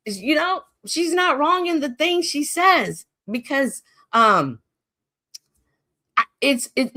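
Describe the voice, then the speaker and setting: A woman hosts her live stream and rants to her chat. She swears freely and stays heated, swinging between loud outbursts and low asides. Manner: profane, heated, talks straight to chat. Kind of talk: casual live-stream rant.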